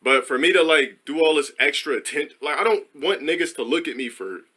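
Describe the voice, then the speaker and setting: A man streamer telling a story in a rambling, profane, animated way. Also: a little high, brisk, slightly rough.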